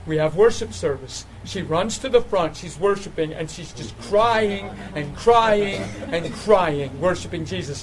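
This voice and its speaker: A man preaching a sermon, telling a healing story with laughter and sudden excited jumps in his voice. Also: a little slow, hardly any pauses, crowd noise, rough recording. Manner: animated storytelling, laughing, voice jumping high when excited.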